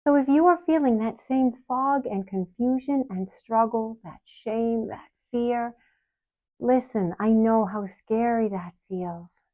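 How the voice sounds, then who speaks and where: A woman in her sixties, the channel host, telling her personal story to camera in a slow, earnest way with soft laughs. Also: a little high, muffled recording. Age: 60s.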